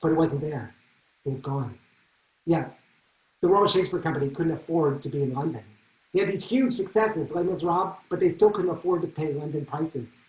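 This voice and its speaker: A man's voice: on the high side, brisk, a little hiss or hum. A man performing a chatty, gushing comic monologue about travel, heard from some distance in a roomy space. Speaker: solo performer. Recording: roomy sound from off mic.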